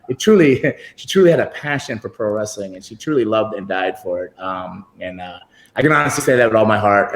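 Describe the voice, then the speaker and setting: Middle-aged man rambling anecdotes in a roomy echo. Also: on the low side. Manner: rambling, laughs while telling stories. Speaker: guest wrestler. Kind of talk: casual interview storytelling. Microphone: computer video call.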